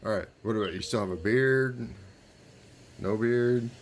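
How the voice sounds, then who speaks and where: A man running a tabletop game as game master, asking players quick questions with restarts and laughs. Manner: quick questions, restarts, laughs, jumps to high goblin voices. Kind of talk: narrating a tabletop game, putting on guard voices.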